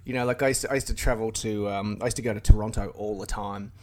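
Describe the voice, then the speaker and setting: A man's voice: on the low side, fairly even intonation, darkish tone. Laughing Australian man on a call. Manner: laughs often, self-deprecating, halting restarts. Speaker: guest, YouTube channel creator. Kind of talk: casual interview over a call. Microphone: remote call.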